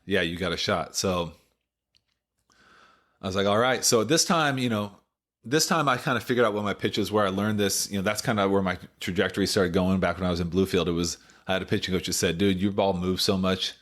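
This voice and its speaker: A man in his late thirties, a former baseball pitcher, telling his story casually in an interview, full of "like" and "you know.". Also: fairly even intonation, a little fast, fairly bright tone. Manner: rambling, filler-heavy retelling full of "like" and "you know".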